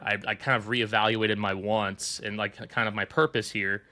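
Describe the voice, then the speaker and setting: A man's voice: on the low side, little pitch movement, brisk, hardly any pauses, bright, forceful tone. A man chatting casually as a podcast guest, rambling with lots of fillers and frequent laughs. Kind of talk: casual interview chat.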